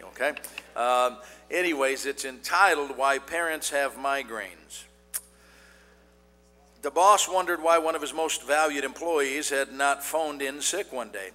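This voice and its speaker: A man's voice: medium pitch, pushed and bright. A man preaching as a traveling evangelist in a folksy way, peppering his talk with "Amen" and fillers. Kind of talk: sermon. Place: church sanctuary. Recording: long church-hall reverb.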